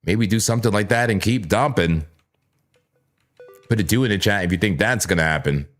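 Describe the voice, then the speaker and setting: A man with a low, deep voice hosts a casual live trading stream. He chats playfully with his viewers, repeats words and corrects himself as he goes, and keeps up a loose, conversational flow over his charts. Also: a little fast, soft background music. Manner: playful, chatty, talks straight to chat viewers. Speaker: livestream crypto trading host.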